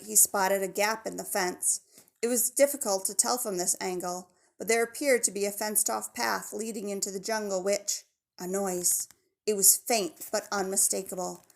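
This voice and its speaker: A woman narrating a children's novel in a steady, measured storytelling voice. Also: mid-range voice. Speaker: audiobook narrator.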